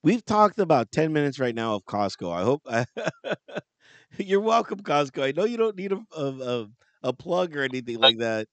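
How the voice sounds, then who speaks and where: Laughing, chatty man with a high voice. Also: moderate pace, no echo. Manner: laughs often, tells animated stories with acted-out quotes. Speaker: podcast co-host. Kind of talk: casual chat.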